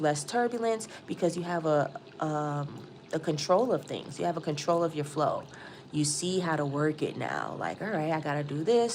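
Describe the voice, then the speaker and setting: Woman, low-ish voice, excitable live tarot reader, faint room hiss behind her. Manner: excitable, chatty, addresses viewers as y'all. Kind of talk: live tarot reading stream.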